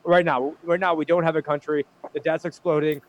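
A man speaking as a guest in casual chat, halting and repeating his words. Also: a little high, little pitch movement, highs cut off, slight background noise. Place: busy event floor.

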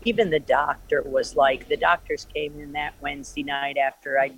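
A woman's voice: low voice, steady tone, normal speed, a little hiss or hum, poor audio. A middle-aged woman, an interview guest, telling a personal story in an emphatic, rambling way with many restarts. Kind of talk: emotional personal account in an interview.

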